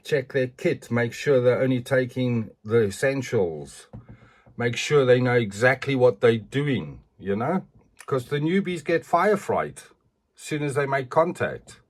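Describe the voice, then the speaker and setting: Man in his middle years, unhurried and chatty, casual collector vlog. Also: mid-range voice, expressive. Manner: chatty, tags sentences with "eh". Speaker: collector reviewing figures.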